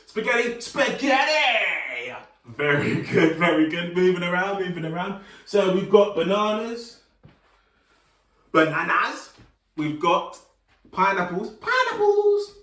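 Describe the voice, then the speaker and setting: A man with a fairly high voice leads a children's movement and relaxation workshop. He is upbeat and encouraging, with playful sing-song call-outs. His voice sounds roomy and comes from some distance off the mic. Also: a bit bright. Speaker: workshop leader.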